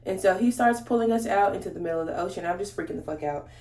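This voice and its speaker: A woman's voice: mid-range voice, racing, creaky, a little mellow. A woman chats through a storytime while doing her makeup, slangy and familiar as she talks to her viewers. Her voice sits in a middle register. The room around her gives it a roomy echo. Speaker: beauty vlogger. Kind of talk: casual storytime chat during a makeup tutorial.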